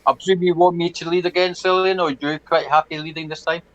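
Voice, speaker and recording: A man's voice: a little high, fairly even intonation, quick pace, fairly bright tone, highs cut off. A man playing a tabletop game online, chatty and joking, asking many questions. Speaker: player. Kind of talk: casual tabletop game play.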